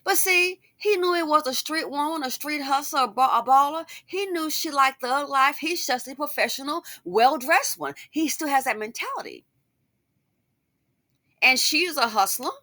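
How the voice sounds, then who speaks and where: A woman's voice: high-pitched, moderate pace, sharp tone, dry recording. A woman giving sassy, chatty commentary to her viewers, with frequent asides. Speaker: online commentator. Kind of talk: casual commentary.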